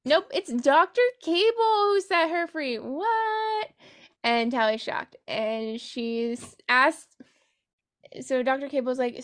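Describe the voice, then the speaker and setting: A woman's voice: high-pitched, unhurried, fairly bright tone. A woman hosting a book podcast, recapping a novel in casual chat. She is sarcastic, swears freely and giggles at her own jokes.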